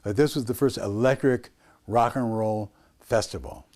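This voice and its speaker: As an interview guest, a sixty-something American man tells a wandering tale, hesitating and restarting often. He speaks at a moderate pace in a medium-pitched, slightly mellow voice.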